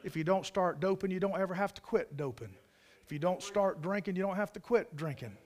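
This man has a high, darkish voice and a brisk delivery. At a church service he preaches a folksy sermon in a drawling Carolina Southern accent, telling stories and making emphatic asides to the congregation.

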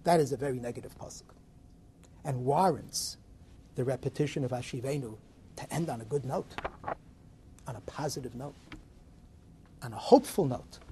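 A man giving a Torah lecture, dramatic and animated, swinging between loud rises and soft drops. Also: medium pitch, normal speed, long pauses, a little hiss or hum. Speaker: Torah teacher.

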